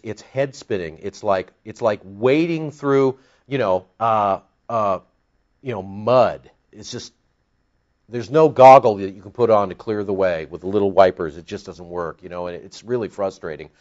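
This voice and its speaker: An older man preaching a sermon in a conversational, animated way, often restarting his sentences. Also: low voice, muffled recording. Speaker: pastor.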